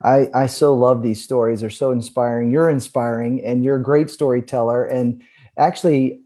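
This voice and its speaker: A man's voice: medium pitch, steady tone, normal speed, mellow. A man hosting a podcast interview with an enthusiastic, encouraging manner. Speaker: podcast host.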